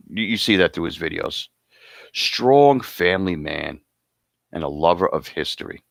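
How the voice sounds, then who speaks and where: A man's voice: low voice, vocal fry, dry recording. A man hosting an awards show, rambling and joking casually between announcements. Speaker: host presenting awards.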